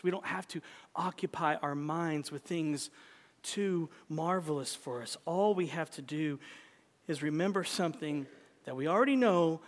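A man preaching a sermon, swinging between loud emphatic calls and hushed near-whispers and repeating key phrases with shifting stress. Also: on the high side. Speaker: pastor. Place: large church sanctuary. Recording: church sanctuary with long reverb.

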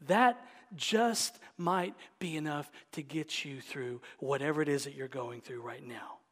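Pastor, male, high-pitched, unhurried, loud emphasis dropping to near-whispers, long church reverb. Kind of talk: sermon.

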